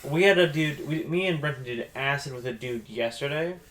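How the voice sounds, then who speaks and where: A man's voice: mid-range voice, brisk, fairly bright tone. A man co-hosting a podcast, chatting casually with crude jokes. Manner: crude, joking. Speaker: podcast co-host. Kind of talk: casual chat.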